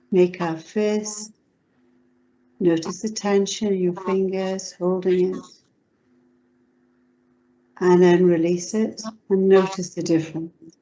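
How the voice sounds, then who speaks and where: A woman psychotherapist leading a guided relaxation exercise over a video call, giving slow, soothing instructions. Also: mid-range voice, dark tone, lo-fi sound.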